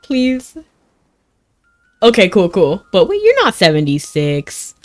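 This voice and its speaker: A lowish, darkish female voice swoops wildly in pitch as a young woman casually streams a fantasy game at a moderate pace, faint music behind her. Chatty and emotional about the story, she fills her sentences with "like."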